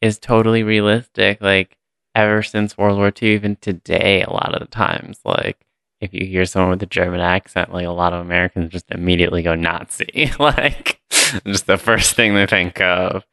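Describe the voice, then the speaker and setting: A low-voiced man with a gravelly edge and a bright, clear tone co-hosts a casual movie podcast. He rambles and thinks out loud, with plenty of filler words. The sound is dry and close. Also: steady tone, moderate pace, no echo. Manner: rambling, thinks aloud with many "like"s. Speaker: podcast co-host. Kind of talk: casual movie recap chat.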